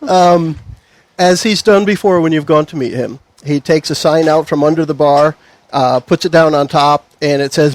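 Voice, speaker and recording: A man's voice: fairly high pitch, steady tone, moderate pace. A man narrating as game master of a tabletop game, loose and rambling, laughing easily.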